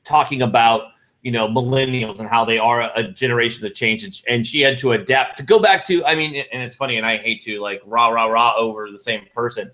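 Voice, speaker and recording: Bright, rambling male podcast co-host. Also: mid-range voice, a little fast. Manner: rambling, restarts and self-corrections. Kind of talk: casual chat.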